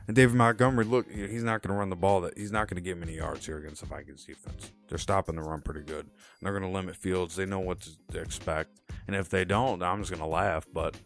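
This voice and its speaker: Deep voiced guy doing a solo sports picks podcast, loose and chatty, bit of music in the back. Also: quick pace. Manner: casual, animated, rattling off picks with catchphrases. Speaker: podcast host.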